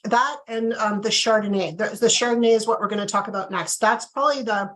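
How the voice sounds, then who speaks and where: A woman's voice: medium pitch, fairly even intonation, fairly quick, a bit bright, poor audio. A woman from Canada, guiding a casual live wine tasting over a video call and explaining pairings in a chatty way, with plenty of ums. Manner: chatty, filler-heavy explaining.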